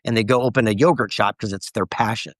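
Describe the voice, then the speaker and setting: Animated middle-aged guy telling stories, dry close sound. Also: lowish voice, fast talker, dry recording. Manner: animated storyteller quoting others. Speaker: guest author. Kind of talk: storytelling interview.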